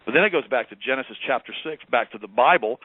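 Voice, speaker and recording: A man calls in as a guest on a talk radio show. He talks quickly and emphatically, almost preaching. His voice comes through a thin, tinny phone line with a dry sound. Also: medium pitch, lively intonation, no echo.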